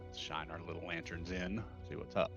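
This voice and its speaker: A man's voice: low-pitched, little pitch movement, brisk, music in the background. A man playing a tabletop role-playing game, talking casually in character. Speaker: player. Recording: dull lo-fi mic.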